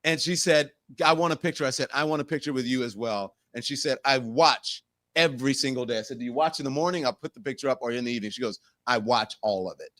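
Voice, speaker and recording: A middle-aged man hosting his own show, telling a story in a casual, animated way, acting out quoted voices and swearing freely. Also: mid-range voice, quick pace. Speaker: show host.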